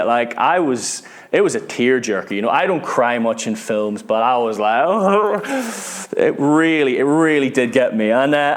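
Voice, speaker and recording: A British man preaching a sermon, retelling a story with earnest feeling, often repeating words and dropping to a hush at tense moments. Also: medium pitch. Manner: earnest, repeats words, drops to hushed tones at dramatic moments.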